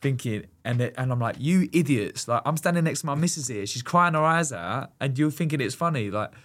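Speaking a little fast in a mid-range voice, a man who used to play goalkeeper rambles through a lengthy tale on a podcast. The conversation is casual, and his lively storytelling keeps stumbling into fillers and restarts.

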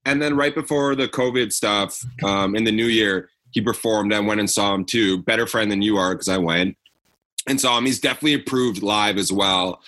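Bright-voiced young man, casual podcast chat. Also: fairly low pitch, moderate pace. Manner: laid-back, laughs often, slangy. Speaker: podcast co-host.

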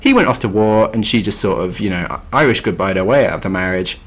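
A British man co-hosts a casual podcast with dry, wry asides and frequent chuckles. His pitch moves a lot as he talks, over a faint background hiss. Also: lively intonation, quick pace. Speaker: podcast co-host. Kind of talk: casual chat recapping a novel.

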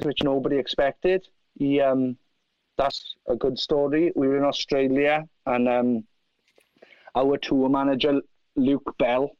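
Welsh man, lively swearing storyteller, dry close sound, slightly dull lo-fi. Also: mid-range voice, no echo. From South Wales. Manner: animated, profane, acts out other people's lines. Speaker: guest musician. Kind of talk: casual anecdote telling.

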